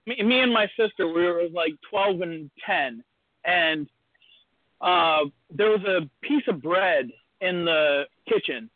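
A man with a fairly high voice chats casually as a podcast co-host. He rambles through a story and puts on the voices of its people. The sound is dry and thin, as if over a phone line. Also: slow pace, dry recording. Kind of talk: casual chat.

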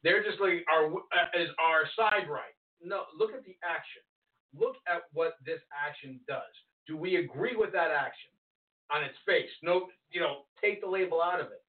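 A man co-hosting a casual podcast, making measured, reasoned points on politics and agreeing along. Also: a little high. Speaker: podcast co-host. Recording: distant, phone-like lo-fi line.

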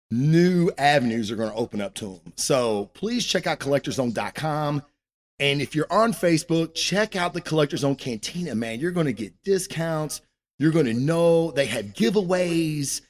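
A man hosting his own comic book show, chatting casually and rambling with plenty of cussing. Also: mid-range voice. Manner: profane, rambling and loose. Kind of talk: casual live-stream chat.

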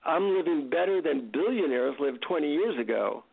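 A man, a guest author, tells an animated, self-mocking anecdote in an interview over a tinny phone line. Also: on the high side, moderate pace, creaky, breathy edge. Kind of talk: storytelling in an interview.

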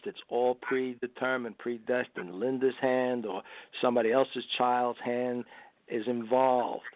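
A man's voice: mid-range voice, no room sound. A man, an author speaking as a radio guest, earnest and often laughing as he talks. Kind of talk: radio interview. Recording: tinny phone line, dry.

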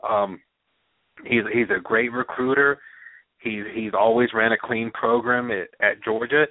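A man talks through college football in an easy, unhurried way, doubling back on his words as he goes. His voice comes over a narrow, phone-like line with no room sound at all. He sounds like a guest on a call-in sports show. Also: medium pitch, dry recording. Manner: relaxed, repeats words while thinking. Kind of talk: casual podcast chat.

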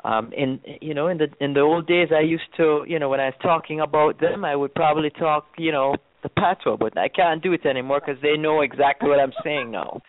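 A man's voice: fairly high pitch, a little fast, hardly any pauses. A man with a lightly toned-down Jamaican accent, answering interview questions in an easygoing way with lots of fillers and restarts. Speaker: tourism board guest. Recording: dry, tinny phone line.

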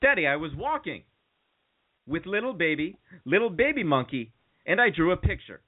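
A man voicing an excitable young jungle woman who tells her daddy a story, with breathless squealing and monkey noises. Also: on the high side, moderate pace. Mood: breathless, excited. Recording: phone-like narrow sound.

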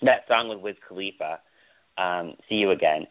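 A man's voice: low-pitched, moderate pace, dry recording. A man hosting a podcast, chatting casually and gossiping in an exclamatory way. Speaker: podcast host. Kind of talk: casual chat. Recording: phone-like call audio.

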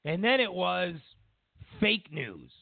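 Male talk show host, opinionated monologue, lively swinging pitch, unhurried and emphatic, dry tinny sound. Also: gravelly, dry recording. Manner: animated, emphatic, sarcastic hypotheticals. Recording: tinny phone-like audio.

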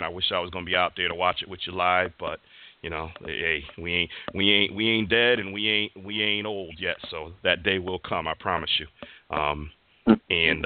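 A man hosting a casual sports talk show, loose and rambling, sometimes heartfelt, heard over a tinny line. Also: rumbling low. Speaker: podcast host. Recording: tinny phone-line audio.

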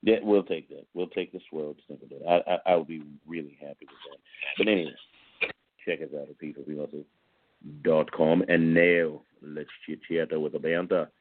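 Host, man, very low voice, joking rambling style, dry tinny phone sound. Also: fairly even intonation, normal speed, dry recording. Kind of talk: casual radio chat.

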